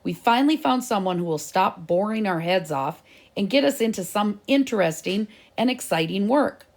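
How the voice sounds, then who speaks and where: A woman's voice: lowish voice, expressive, a little slow, darkish tone. Woman voicing a patient, earnest schoolgirl. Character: patient, know-it-all schoolgirl. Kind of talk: storybook reading.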